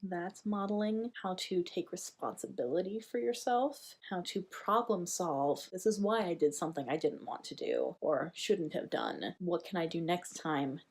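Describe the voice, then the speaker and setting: A young adult woman talks through parenting advice in a relaxed, candid way, dropping in "like" and small laughs as she goes. Her voice sits a little low for a woman. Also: normal speed, few pauses. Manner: chatty, candid, with fillers like "like" and soft laughs. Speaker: parent educator and therapist. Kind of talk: casual advice talk to camera.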